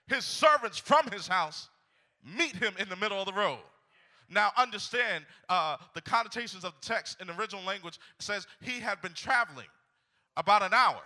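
A young man preaching a sermon, telling a story and then rising into shouted exhortation. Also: high voice.

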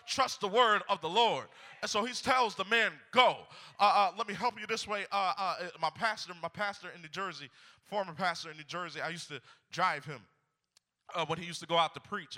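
High bright-voiced male preacher. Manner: storytelling, rising to shouted exhortation. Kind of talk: sermon.

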